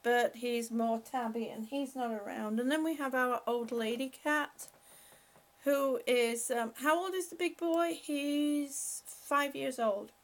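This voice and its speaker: A woman's voice: a little high, a little slow. A woman hosting a casual live chat from home, rambling and laughing often as she talks to her pets. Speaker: live-stream host.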